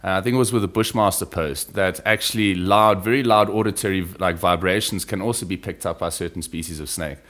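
Deep-voiced man telling wildlife stories. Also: a little fast, hardly any pauses. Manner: relaxed, anecdotal, drops to a hush when describing wildlife. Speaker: podcast guest, reptile field explorer. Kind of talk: casual conversational storytelling.

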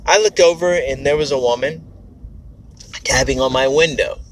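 A man's voice: mid-range voice, normal speed. A man venting in a rambling, frank monologue, swearing often and correcting himself as he goes. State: on edge. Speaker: podcast host. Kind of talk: casual personal monologue.

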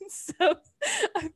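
A woman's voice: dry recording, clean studio sound. A young woman in college telling an embarrassing story in casual chat, laughing often as she talks. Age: young adult. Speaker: podcast co-host.

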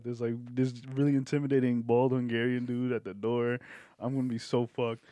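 A man's voice: medium pitch, little pitch movement, fairly quick, mellow, no echo. A young man on a podcast telling a long, profane story in a rambling, casual way, breaking into laughter now and then. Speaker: podcast guest.

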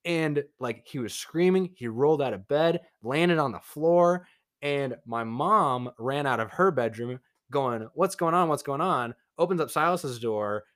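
A young man casually telling a story to a friend, rambling with many fillers and acting out quotes in an animated way. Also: mid-range voice, measured pace. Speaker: podcast co-host.

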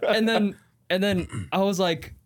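A man co-hosting a podcast, telling a story in a casual, animated way, acting out the quotes and swearing a lot. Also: sits high, unhurried. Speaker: podcast co-host.

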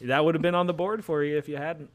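A man's voice: a little high, steady tone, fast. A man hosting a casual podcast chat, joking and laughing often as he makes his picks. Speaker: podcast host.

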